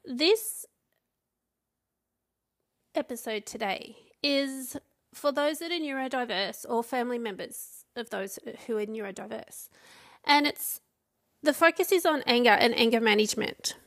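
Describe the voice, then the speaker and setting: Gravelly woman coach talking. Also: on the high side, animated, a little slow, long pauses, a bit bright. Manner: conversational, with restarts and acted quotes. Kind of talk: solo podcast talk.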